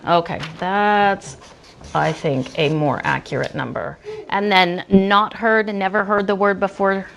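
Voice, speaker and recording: Slow, patient woman teacher. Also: medium pitch, gravelly, slight background noise. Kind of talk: classroom lesson. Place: school classroom.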